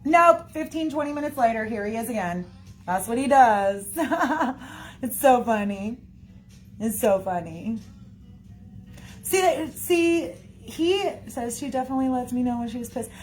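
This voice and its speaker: A woman's voice: on the high side, animated, a little slow, soft background music. A woman chatting casually to her viewers in a rambling way, full of fillers and "y'all". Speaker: livestreamer talking to viewers. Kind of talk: casual chat.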